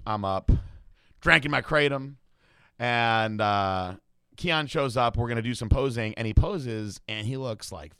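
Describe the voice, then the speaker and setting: A man's voice: medium pitch, fairly bright tone, no echo, clean studio sound. A man hosting a casual chat, rambling through a story with swearing and laughs, asking a guest questions. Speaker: host and bodybuilding coach.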